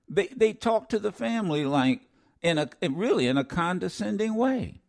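Male talk radio host with an animated, swinging delivery. He challenges callers hard. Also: high-pitched, normal speed, creaky. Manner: lively, interrupts and scolds callers, voice rising when angry.

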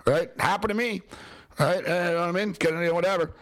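Man, sports talk host, high voice, blunt, fired-up, repeats himself. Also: fast, a bit bright. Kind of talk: heated casual commentary.

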